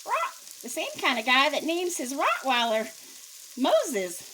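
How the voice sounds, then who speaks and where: A woman voicing a loud pet parrot that squawks shouted warnings during a told joke. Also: high-pitched, huge pitch swings, a little slow, slight background noise, voice pushed up, exaggerated voice. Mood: squawking.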